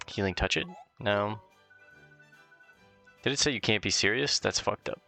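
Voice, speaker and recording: Brief: an offhand gamer man, a bit gravelly, faint game music underneath. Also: on the low side, moderate pace, bright, forceful tone. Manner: offhand, swearing, frustrated. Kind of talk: let's play commentary.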